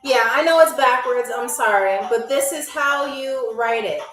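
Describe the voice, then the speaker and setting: Her voice a little high and fairly bright, a woman speaking at normal speed hosts a live game show, teasing viewers playfully and reading out what they've written. She repeats words, stretching them out. She's far from the mic in an echoey room, slightly off-mic, with faint music behind her.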